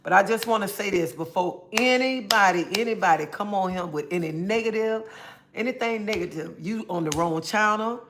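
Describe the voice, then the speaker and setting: A woman hosting a casual livestream, greeting viewers by name and chatting in a relaxed style. She says she feels a little under the weather. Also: medium pitch, background noise. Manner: greets chat viewers by name, drawn-out friendly talk. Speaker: livestream host.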